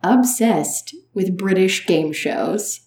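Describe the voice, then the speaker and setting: A woman's voice: fairly low pitch, takes it slowly, a little mellow. Dry-witted woman podcaster, echoey room. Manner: dry, playful quips. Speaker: podcast co-host. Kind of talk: casual chat. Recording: roomy mic with faint hiss.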